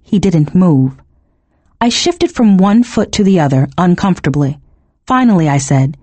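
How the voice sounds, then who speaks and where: A woman narrating a first-person novel in an expressive, emotionally engaged reading. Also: fairly low pitch, normal speed, dry recording. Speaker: audiobook narrator.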